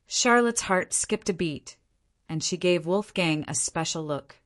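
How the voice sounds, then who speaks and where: Woman audiobook narrator, measured, lowish voice. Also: a bit bright. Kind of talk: scripted narration.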